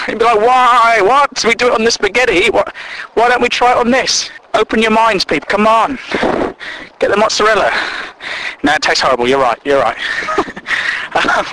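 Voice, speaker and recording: A man's voice: sits high, pushed and bright, slight background noise, rough recording. A man doing a stand-up comedy routine, sweary and incredulous, acting out both sides of imagined conversations.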